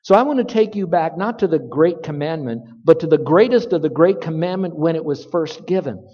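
A male preacher delivers a sermon in an emphatic, deliberate way, drawing out key words for weight. His voice sits a bit high with a mellow tone. The audio is dull and lo-fi, with a long hall reverb. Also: lively intonation. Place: room with stage lights and sound equipment.

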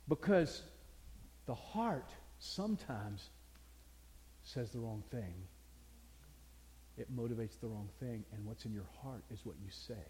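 A man's voice: mid-range voice, lively intonation, a little slow, pauses often, darkish tone, in a large hall. An older man preaching to a crowd, telling homely stories in an earnest, folksy way. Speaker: pastor. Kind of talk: sermon.

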